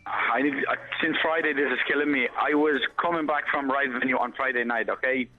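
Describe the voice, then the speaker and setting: A man's voice: mid-range voice, fairly even intonation, fairly quick. A man calling a radio show, telling a story in an earnest, run-on way over a phone line. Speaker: caller.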